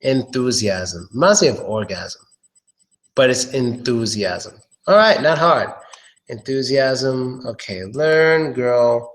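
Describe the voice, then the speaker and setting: A relaxed man tutors pronunciation on a casual live stream. He says each word slowly, again and again, and drops curse words without fuss. His voice sits at an ordinary middle pitch for a man.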